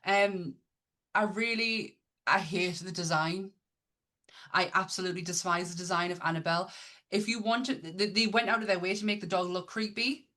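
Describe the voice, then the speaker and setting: A woman with a fairly low voice hosts a podcast. Her casual chat is blunt and chatty, and she swears freely. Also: normal speed, sharp tone. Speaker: podcast host.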